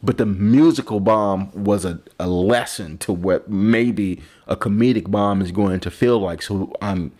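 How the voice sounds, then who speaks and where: A man's voice: lowish voice, unhurried, few pauses, a little mellow. A man, a vlogger and comedian, drinking and rambling in a profane, self-mocking monologue. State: drinking alcohol.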